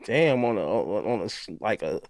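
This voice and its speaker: A male podcast host drops short, reactive remarks in a gravelly, lowish voice. His pitch moves a lot within each remark, and the sound is dry and close. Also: big pitch swings, normal speed, a little mellow, no echo. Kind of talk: casual interview chat.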